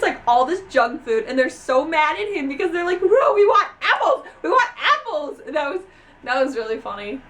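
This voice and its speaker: A young woman reviewing a book in a casual vlog, gushing and excitable, with lots of "like" fillers. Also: sits high, a little hiss or hum. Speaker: book vlogger.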